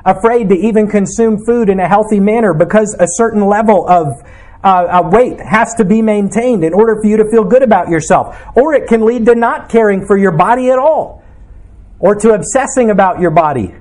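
A man's voice: high-pitched, a little fast, darkish tone. A man, a pastor, preaching a sermon in an earnest, reflective way, asking his listeners questions.

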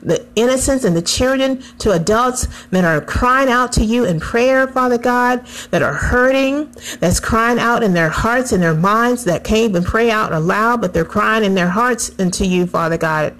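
This prayer leader has a fairly high, somewhat bright voice and speaks at a normal speed, captured in a low-quality recording. Her prayer is fervent and pleading, circling back repeatedly to the same way of addressing God.

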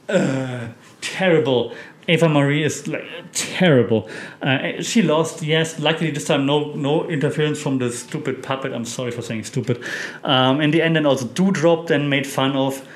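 A man hosting a casual wrestling recap, chatty and opinionated, with many fillers and restarts. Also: a little high. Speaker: wrestling podcast host.

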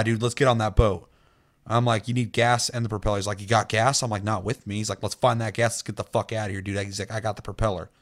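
A man's voice: fairly low pitch, fairly bright tone. A young man, a streamer, telling a gaming story in casual chat, swearing a lot and acting out other players' lines.

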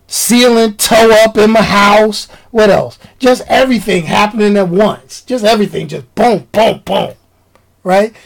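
A woman's voice: medium pitch, rough recording. A woman vlogging in a casual rant. She is emphatic, uses slang and repeats her key lines.

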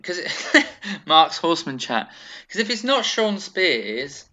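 A man co-hosting a casual wrestling podcast, chatty and rambling with quick asides. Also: on the high side, very animated, sharp tone. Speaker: podcast co-host. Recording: dull lo-fi sound.

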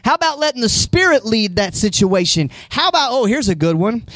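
Pastor guy preaching, really lively up and down voice, chatty, gets loud on his points. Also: sits high, a little fast, no echo. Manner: conversational preaching, retells scenes with voices; rises to emphatic, raised-voice points. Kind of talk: sermon. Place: church.

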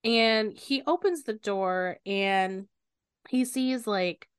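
A woman's voice: medium pitch, slow, clean tone, no echo, clean studio sound. A woman co-hosting a book podcast, casually recapping a novel, swearing freely and acting out the characters' lines.

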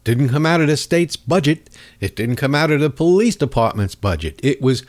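A man's voice: mid-range voice, animated, normal speed, a little mellow, dry recording. A male show host delivering an angry, sarcastic political rant. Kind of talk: ranting political commentary.

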